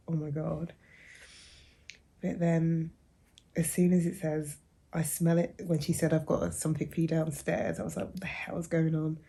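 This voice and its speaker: Brief: young woman book vlogger, low flat voice, soft and musing, casual chat. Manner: soft-spoken, musing, often hushed. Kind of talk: casual reading vlog.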